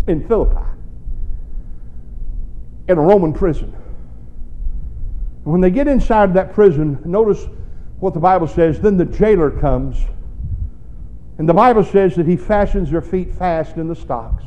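A preacher with a strikingly high voice delivers a dramatic sermon. He rises to loud, ringing shouts, then drops to quiet, intimate asides to the congregation. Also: expressive, normal speed, pauses often, poor audio. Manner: dramatic preaching, swinging between booming shouts and low hushed asides.

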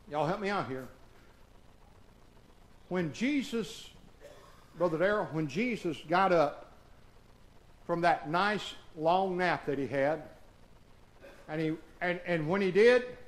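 A man preaching a call-and-response sermon in a church, firing questions at the congregation and swinging between hushed and shouted lines. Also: high voice. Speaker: pastor.

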